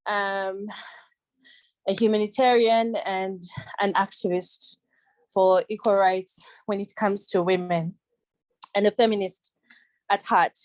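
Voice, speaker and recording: A woman's voice: mid-range voice, steady tone, takes it slowly, pauses often, a little mellow, no echo, poor audio. A young woman asking a question on a video call, earnest and searching for her words. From Uganda. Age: young adult. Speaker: audience member asking a question.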